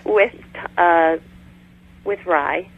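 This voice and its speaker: A woman's voice: on the low side, extremely slow, vocal fry, slightly rough. A woman guest in a casual interview, chatty and long-winded. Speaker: voice actress guest. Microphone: phone call. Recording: tinny phone line with faint noise.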